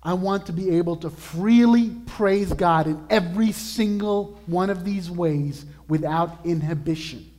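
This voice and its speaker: A man preaching a sermon as pastor, earnest and emphatic, slowing down to stress key words. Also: high-pitched, a little mellow, big-room sound. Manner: earnest, emphatic preaching with slow drawn-out lists.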